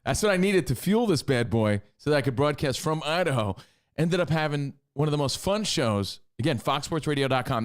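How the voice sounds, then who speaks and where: A man's voice: mid-range voice, clear, resonant tone. Man co-hosting a casual radio show. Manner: storytelling, self-deprecating.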